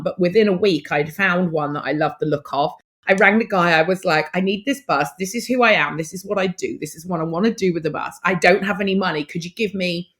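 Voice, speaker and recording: A middle-aged woman, a podcast guest telling her story in a lively, expressive way and acting out past conversations. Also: fairly low pitch.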